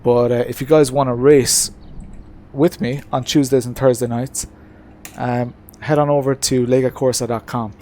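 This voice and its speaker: A man chatting casually on his live stream from a home sim-racing rig, with an ordinary mid-range voice. He is relaxed and talkative, answering the chat with frequent "uh"s and restarts. Faint noise hums behind him. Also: mid-range voice, normal speed.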